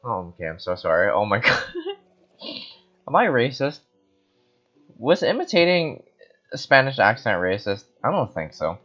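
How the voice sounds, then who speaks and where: A man's voice: medium pitch, big pitch swings, normal speed, pauses often, fairly bright tone, faint music behind. A man from the Philippines giving jokey, erratic gaming commentary while tipsy on wine, breaking into sudden screams. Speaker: gaming host. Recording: dull lo-fi recording.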